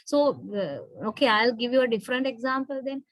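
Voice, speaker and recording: A woman's voice: a little high, big pitch swings, brisk, no room sound, dull audio. A woman lecturer with a Sri Lankan English accent, patiently explaining in an online class and often checking in with her students.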